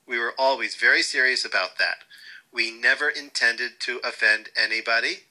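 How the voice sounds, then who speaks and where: An older man being interviewed, telling wry, lively stories and quoting people along the way. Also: mid-range voice, normal speed, rough recording. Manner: wry, animated anecdotes with quoted voices. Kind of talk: storytelling interview.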